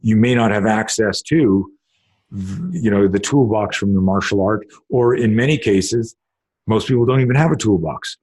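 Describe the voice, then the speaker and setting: Guy w a husky lowish voice, self-defense teacher rambling thru his method, lots of restarts. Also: normal speed, a little mellow. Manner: rambling, explanatory, frequent restarts. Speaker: host, self-defense instructor. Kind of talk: casual conversation.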